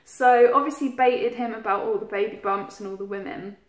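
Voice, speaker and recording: A woman's voice: a little high, fairly even intonation, brisk. A young woman vlogging, telling a story in a chatty, giggly, rambling way with lots of fillers. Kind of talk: casual storytelling to camera. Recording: roomy echo.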